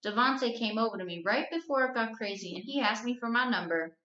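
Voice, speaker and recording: Teacher lady reading a book out loud, steady storytelling, echoey and a bit muffled. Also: on the high side, quick pace. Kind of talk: reading a novel aloud. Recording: roomy, slightly dull recording.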